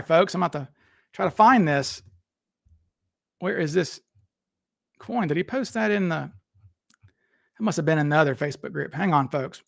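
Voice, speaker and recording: A man with a somewhat high voice hosts a casual live stream. He rambles, restarts his sentences and talks straight to his viewers. The sound is dry and close, with no room echo. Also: vocal fry. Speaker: livestream host. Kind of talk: casual livestream chat.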